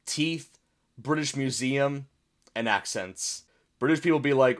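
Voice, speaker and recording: A man's voice: mid-range voice, measured pace, long pauses. A young American man casually reacting to memes as a video host, chatty and puzzled, reading captions aloud. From United States.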